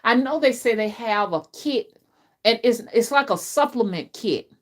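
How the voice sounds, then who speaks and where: A woman's voice: animated, moderate pace. Chatty middle-aged woman rambling on a live stream. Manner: chatty, repetitive, with big swings in pitch and loudness. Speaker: spiritual reader and channel host.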